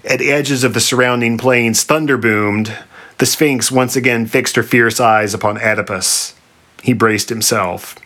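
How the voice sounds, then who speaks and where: A male narrator reads a comic story with dry, deadpan timing. His voice is bright and sits at an ordinary pitch. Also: measured pace.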